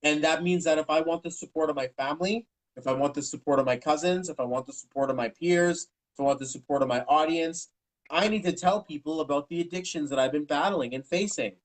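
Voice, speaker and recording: A man in his thirties with a fairly high voice tells his story openly as an interview guest. He rambles frankly from one memory to the next and slips into the voices of the people he quotes. He speaks plainly and directly. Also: a little fast, rough recording. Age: 30s. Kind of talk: candid personal storytelling.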